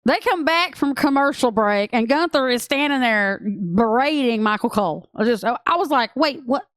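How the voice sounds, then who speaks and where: A woman with a Texan accent co-hosting a casual podcast chat, excitable and gushing, laughing often. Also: a little high, moderate pace, dry recording, studio quality. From Texas. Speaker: podcast co-host.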